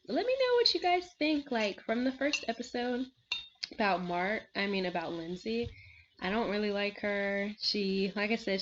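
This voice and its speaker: A woman's voice: medium pitch, background noise. Rambling woman chatting at home. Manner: rambling, with frequent "like" and "um" fillers; animated, with frequent laughs and sighs. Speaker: reality TV reviewer. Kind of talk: casual chat. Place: at home, seated. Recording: slightly dull lo-fi recording.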